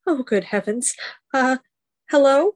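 A woman playing an anxious, polite teenage bard in a tabletop game, flustered and quick to apologize. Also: sits high, expressive. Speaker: player.

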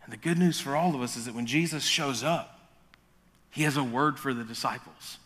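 A man preaching a sermon as pastor, in an energetic, joking manner. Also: mid-range voice, fairly quick, long reverb tail.

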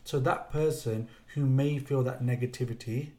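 Male host in his thirties, casual and rambling, mid-pitched voice. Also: fairly even intonation, moderate pace, a little mellow. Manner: rambling, repeats himself while searching for words. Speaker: podcast host. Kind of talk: casual interview chat.

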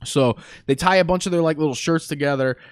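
A man's voice: fairly high pitch, quick pace, no echo, studio quality. A man in casual chat, retelling a movie plot in a loose, rambling way with frequent swearing. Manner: profane, rambling storytelling.

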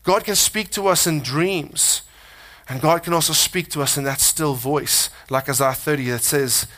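A male pastor delivering a loose, conversational sermon, his voice sitting a little higher than most men's. He speaks earnestly and with animation, often doubling back on words mid-sentence. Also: normal speed. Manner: earnest, animated, with frequent restarts and repeated words.

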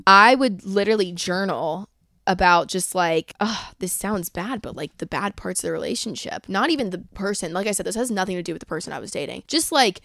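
A woman's voice: medium pitch, expressive, a little fast, creaky, a bit bright, dry recording, clean studio sound. A young woman hosting a podcast from home, giving candid, casual advice in a blunt way and swearing often. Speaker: podcast host.

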